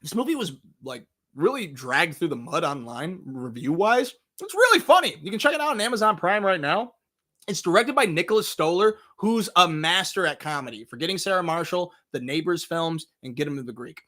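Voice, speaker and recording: A man hosting a live movie review countdown in a casual, excitable way, with loud bursts and quick low asides. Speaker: movie review show host.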